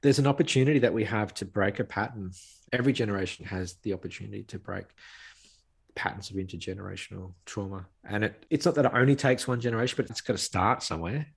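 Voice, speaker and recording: A man's voice: fairly low pitch, quick pace, creaky, breathy edge. A man, a guest on a podcast, speaking earnestly in conversation and stressing points by repeating phrases. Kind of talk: conversational interview.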